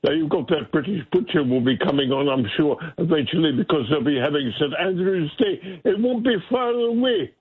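Husky caller on a tinny phone line. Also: male voice, a little high, expressive, a little fast, hardly any pauses. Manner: rambling, reminiscing. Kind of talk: talkback phone call.

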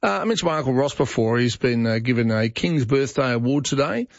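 A man's voice: mid-range voice, lively intonation, fairly quick, no echo. A middle-aged Australian man hosting talkback radio, chatting and giving his opinions on listener messages. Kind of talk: casual talkback chat. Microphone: studio microphone. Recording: slightly dull broadcast audio.

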